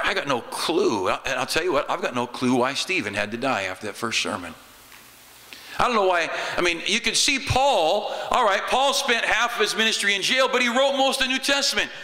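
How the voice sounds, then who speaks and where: Bright-voiced American pastor, folksy sermon. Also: male voice, medium pitch, big-room sound. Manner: folksy, humorous, conversational. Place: church sanctuary.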